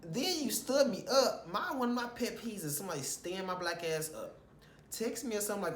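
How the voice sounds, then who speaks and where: A young man, slightly high-voiced, rants through a casual vlog story. He is profane and animated, and he acts out what others said. His voice rings in an echoey room over a faint hum. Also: moderate pace. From Houston, Texas. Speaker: vlogger.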